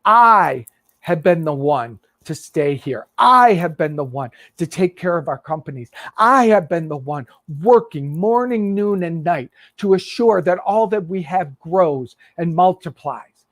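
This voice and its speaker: A man's voice: fairly high pitch, animated, unhurried, a bit bright, no echo, studio quality. A man voicing a resentful, dutiful older brother who speaks in an indignant, accusing way.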